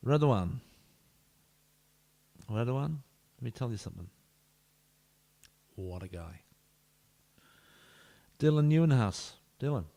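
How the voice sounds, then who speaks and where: Streaming a football management game, this man has a medium-pitched, dark-toned voice with vocal fry, speaking slowly and expressively with long pauses. His commentary is playful, addressed to each player in turn, and he frequently slips into a whisper.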